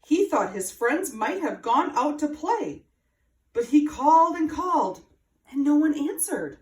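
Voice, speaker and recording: A woman reading a children's story aloud with an expressive, sing-song delivery. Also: high-pitched, a little slow, far from the mic. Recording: roomy, from afar.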